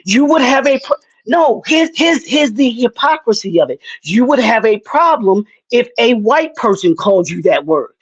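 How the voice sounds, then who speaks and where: Man, husky voice, stammering but firm, heated debate, dull lo-fi recording. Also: very high voice, sing-song, normal speed. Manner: stammering restarts, firm and persistent. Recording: dull lo-fi sound.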